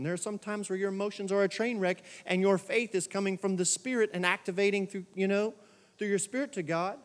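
A pastor preaching a sermon in a church, moving from soft, quiet asides to shouted exhortations. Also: male voice, high voice, long reverb tail. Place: church sanctuary.

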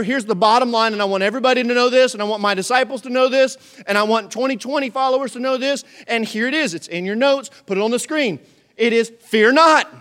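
A pastor in the pulpit, a man with a notably high-pitched voice who preaches with animated swings between loud, punchy lines and quiet asides. He slips into little voices for the people in his stories and keeps a joking, conversational tone. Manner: animated, acts out voices and jokes. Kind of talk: sermon.

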